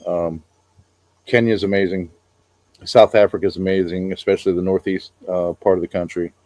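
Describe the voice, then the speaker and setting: A man's voice: deep voice, level tone, normal speed, darkish tone, no echo. A middle-aged man co-hosting a casual chat, rambling about travel with many fillers. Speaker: co-host.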